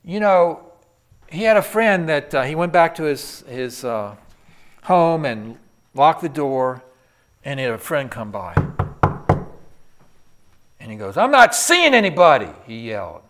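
A man preaching a sermon, swinging from loud emphatic peaks to hushed whispers and throwing rhetorical questions at the congregation. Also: a little high, animated, takes it slowly, long pauses, slight background noise.

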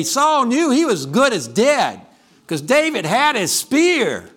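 A male pastor delivering a sermon, telling a story in an animated way and often correcting himself mid-sentence. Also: high voice, unhurried. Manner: animated storytelling, with frequent restarts and self-corrections.

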